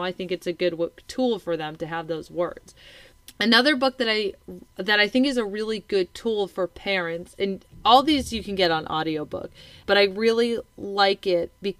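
Animated mother in her thirties chatting. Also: mid-range voice, no room sound. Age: 30s. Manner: animated, acts out kids' and parents' lines. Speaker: podcast co-host, mother. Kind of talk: casual chat.

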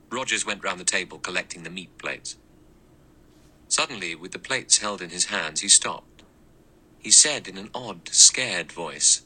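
Male audiobook narrator, deep voice with a bright, sharp edge, measured read. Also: animated, a little hiss or hum, poor audio. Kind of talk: scripted narration.

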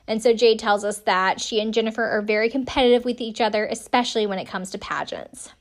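A woman in her thirties from South Carolina, chatting casually as a podcast host recapping a TV episode, wry and self-deprecating with many "um"s and "like"s. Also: medium pitch. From South Carolina, USA. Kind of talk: casual chat.

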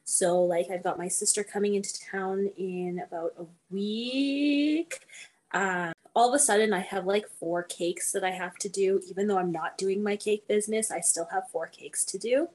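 A woman's voice: mid-range voice, moderate pace, darkish tone. Easygoing woman co-host, hesitant talk. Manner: easygoing and hesitant, with frequent ums and uhs. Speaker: podcast co-host. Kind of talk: casual chat.

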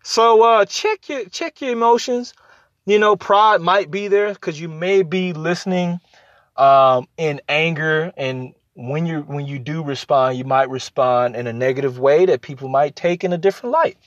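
A man with a slightly high voice talks through relationship advice in a loose, conversational way. He repeats phrases for emphasis and slips into quick acted-out exchanges. The recording is dry and slightly muffled. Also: a bit bright, no room sound. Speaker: podcast host. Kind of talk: casual advice talk.

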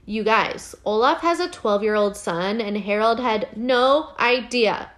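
A woman with a slightly high voice recaps a TV episode over a casual podcast chat. She talks in an animated, giggly way and fills her sentences with fillers. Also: a little slow. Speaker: podcast host.

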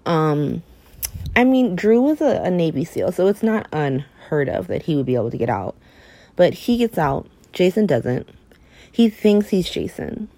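A woman's voice: fairly low pitch, sing-song, normal speed, dark tone, no room sound. A woman hosting a podcast, recapping a soap opera in a sassy, emphatic way and repeating her key lines for effect. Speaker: podcast host.

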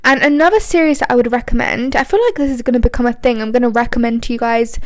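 Casual solo podcast host: woman in her twenties, rambling, light on her feet, higher-pitched voice, dry recording. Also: fast talker, no echo. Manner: chatty, rambling, frequent ums.

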